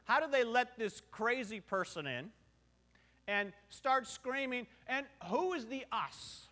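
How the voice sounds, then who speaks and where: A middle-aged pastor with an extremely high, pushed and bright voice preaches slowly and expressively. His sermon is conversational and joking, packed with rhetorical questions, and he's short on sleep.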